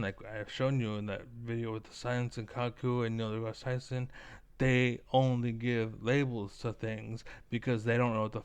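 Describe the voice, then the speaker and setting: A vlogger reacting to clips rambles through profane, ranting commentary packed with fillers. His voice is medium-pitched with a clean tone.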